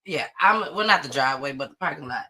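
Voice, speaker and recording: Bright-voiced woman hosting a live show. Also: sits low, quick pace, breathy edge. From Atlanta area. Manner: chatty, animated, greets viewers by name. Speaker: host of a live online gossip and news show. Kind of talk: casual live-stream commentary.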